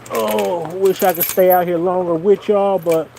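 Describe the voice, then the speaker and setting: Man, fairly high voice, relaxed live-stream host outdoors, light rain behind, casual and friendly with viewers. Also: unhurried, vocal fry, a little hiss or hum, low-quality recording. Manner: easygoing, calls viewers "y'all" and shouts to his dogs. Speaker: dog breeder hosting a livestream. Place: outdoors under a tree in the rain.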